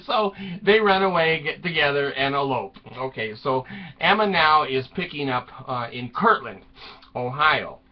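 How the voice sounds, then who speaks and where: A man's voice: a little high, lively intonation, unhurried. A man telling a crude, irreverent comic story, giggling often as he goes. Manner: giggles constantly, crude jokes. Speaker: comedic storyteller. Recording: dull lo-fi sound.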